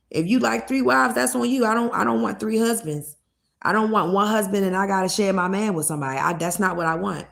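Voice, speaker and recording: A woman's voice: on the low side, vocal fry. A young woman chatting bluntly and profanely with viewers on a livestream, laughing between points. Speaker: live streamer. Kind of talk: casual livestream chat with viewers.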